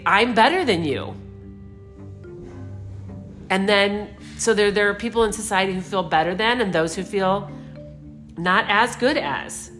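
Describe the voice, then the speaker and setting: A middle-aged woman giving a reflective spiritual talk, meandering and unhurried, gently putting questions to the listener. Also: medium pitch. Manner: meandering, unhurried, searching for words. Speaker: spiritual speaker.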